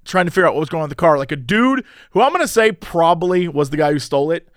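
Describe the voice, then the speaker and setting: Guy ranting about his day, high voice, bouncy, dead dry close mic. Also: very fast, dry recording. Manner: animated, exasperated retelling with swearing. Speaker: podcast host telling a story. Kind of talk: casual storytelling chat.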